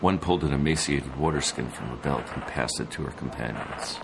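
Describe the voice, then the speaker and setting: Very deep-voiced man narrating a story. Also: gravelly. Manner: dramatic, deliberate storytelling. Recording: noisy, with vehicle ambience.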